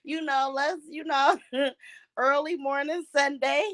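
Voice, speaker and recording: A woman's voice: high-pitched, fairly even intonation, takes it slowly, fairly bright tone, dry recording. A woman hosting a casual livestream from her phone at home, chatting and greeting viewers one by one by name with pet names. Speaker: livestream host.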